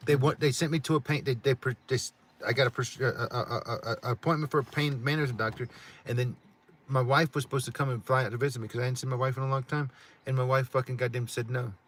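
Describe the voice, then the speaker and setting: Middle-aged guy on a livestream, cussing a lot, keeps tripping over his words, mid pitch voice, bit of background noise. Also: fairly even intonation, fast talker, hardly any pauses. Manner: profane, rambling, many restarts. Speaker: livestream co-host. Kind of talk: casual chat.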